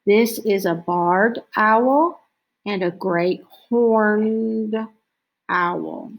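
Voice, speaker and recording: A woman reading a picture book about owls aloud as a lesson, slow and clear, now and then mimicking owl calls. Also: mid-range voice, poor audio. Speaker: teacher reading to children.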